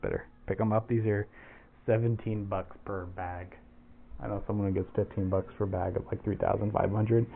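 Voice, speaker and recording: A man's voice: lowish voice, level tone, moderate pace, gravelly. A man casually demoing airsoft gear, rambling and swearing with lots of restarts. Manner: rambling and profane, with frequent restarts. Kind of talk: casual product demo. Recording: tinny phone-like audio with faint noise.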